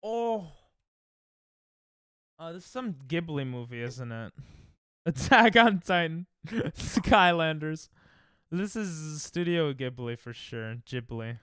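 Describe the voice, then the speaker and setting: Lively, excitable male streamer. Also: a little high, takes it slowly, pauses often, clear, resonant tone, no echo, studio quality. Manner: excitable, reactive, thinks aloud. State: tired. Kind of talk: casual live-stream chat while playing games.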